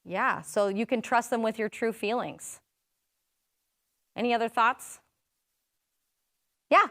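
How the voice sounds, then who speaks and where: A woman's voice: fairly high pitch, slow pace, a bit bright, no echo, clean studio sound. A woman presenting an interactive parenting workshop, chatting with the audience, asking questions and rephrasing their answers.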